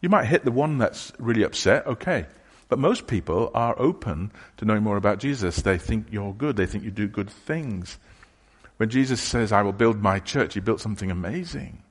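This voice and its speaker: In a low, husky voice, a man delivers a sermon, speaking casually and haltingly. He frequently restarts phrases and acts out questions he imagines being asked, while the long reverb of a church hall rings around his words.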